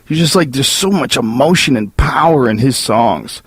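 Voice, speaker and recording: A man's voice: mid-range voice, moderate pace, breathy edge, dry recording. A man talking casually on a podcast, rambling and swearing freely. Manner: profane, rambling, animated.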